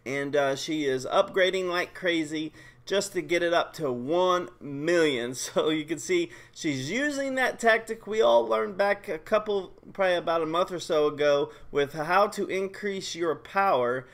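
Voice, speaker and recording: Male streamer with a high voice, casual and excitable game commentary. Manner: excitable, joking, quick bursts of hype. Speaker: live stream host.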